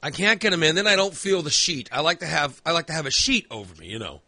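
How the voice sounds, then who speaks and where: Man, bright dry voice, rambling casual storyteller who swears a lot. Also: on the high side, lively intonation, fast, dry recording. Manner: rambling storyteller, filler-heavy, swears freely. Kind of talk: casual chat.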